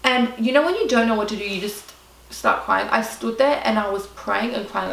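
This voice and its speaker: A woman's voice: on the high side, moderate pace, gravelly, a bit bright, echoey room, far from the mic, slight background noise, low-quality recording. A young Australian woman telling a storytime vlog, chatty and dramatic, with lots of "like". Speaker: vlogger.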